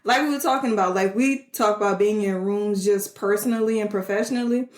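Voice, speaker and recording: A woman's voice: mid-range voice, brisk, roomy sound. A woman, co-hosting a casual podcast chat, affirming her partner and laughing readily. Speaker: podcast co-host.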